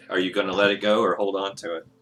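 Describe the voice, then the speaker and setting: A man's voice: sits low, level tone, a little fast, crowd noise. A man running a tabletop game as game master, often laughing and amused.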